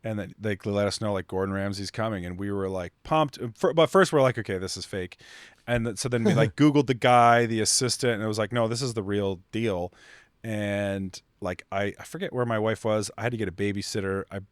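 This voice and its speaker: Man, chef guest, rambling podcast stories, low voice, dry studio sound. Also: a little fast, hardly any pauses, clear, resonant tone, dry recording. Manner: rambling, lots of fillers, animated when annoyed. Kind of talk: casual podcast storytelling.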